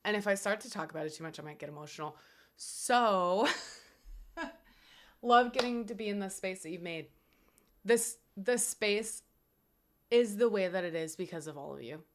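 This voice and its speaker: A woman's voice: mid-range voice, normal speed, long pauses. A young woman streaming from home, talking to her chat in an earnest, grateful, rambling way with many fillers.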